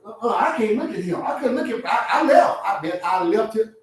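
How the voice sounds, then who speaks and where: A man hosting a relationship talk, giving blunt, preachy advice to an audience in an animated, streetwise way, laughing at his own points. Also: high-pitched, moderate pace, heavy reverb, distant mic, low-quality recording.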